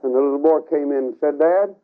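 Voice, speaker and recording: A man preaching a revival sermon, telling a story dramatically with sudden swings between loud and soft, on a tinny radio broadcast recording. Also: a little high, level tone, fast talker.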